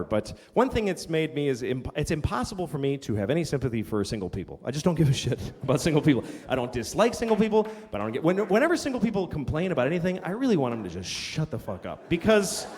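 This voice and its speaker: A middle-aged man doing a stand-up comedy set, ranting and profane, now and then shouting in put-on voices. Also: on the high side, big pitch swings, quick pace, few pauses. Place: comedy stage before a live audience. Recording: live hall with long reverb, faint crowd.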